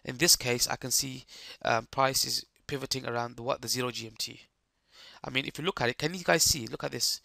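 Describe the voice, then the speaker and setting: A man with a hoarse, croaky voice giving live trading commentary, explaining chart steps and checking that the viewers follow. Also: mid-range voice, steady tone, fairly quick, bright, forceful tone, dry recording, studio quality. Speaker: trading streamer.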